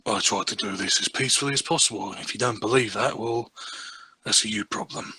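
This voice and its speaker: A man's voice: on the low side, a little fast, sharp tone, husky, dry recording, full character voice. Man playing a blunt, calculating crewman. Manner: blunt, matter-of-fact. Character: blunt, calculating male crew member.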